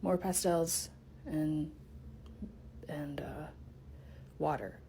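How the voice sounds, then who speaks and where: A woman's voice: deep voice, extremely slow, dark tone, a little hiss or hum. Bubbly chatty young woman vlogger. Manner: bubbly, chatty, self-interrupting. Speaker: artist vlogger. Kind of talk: casual vlog narration.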